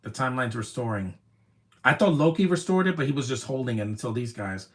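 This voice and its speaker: A man streaming his reaction to a movie, talking in an emotional, rambling way with many "man" tags and the odd loud taunt. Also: mid-range voice, animated, a little fast. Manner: soft-spoken, with sudden loud taunting outbursts. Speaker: live streamer.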